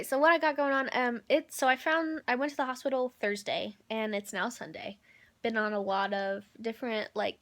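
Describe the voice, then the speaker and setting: A young woman with a fairly high voice records a personal vlog update from a hospital room. She rambles and hesitates, filling her sentences with ums and likes as she talks straight into her phone or camera. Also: fairly bright tone. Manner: rambling, candid, filler-heavy with frequent ums and likes. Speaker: vlogger.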